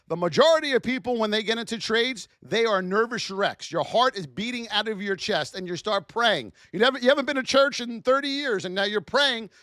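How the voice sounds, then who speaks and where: Hyped-up high-voiced man on a livestream. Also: a little fast, hardly any pauses, sharp tone, dry recording, clean studio sound. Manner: high-energy, hype-driven, rhetorical questions to chat. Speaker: trading educator hosting a livestream. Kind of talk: live-stream trading lesson.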